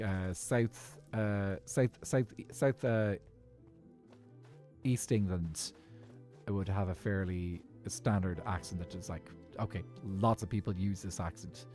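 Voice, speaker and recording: A man's voice: fairly low pitch, darkish tone. A man with an Irish accent, chatting casually and rambling off on tangents while livestreaming a game. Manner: rambling, digressive, laughs often. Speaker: streamer.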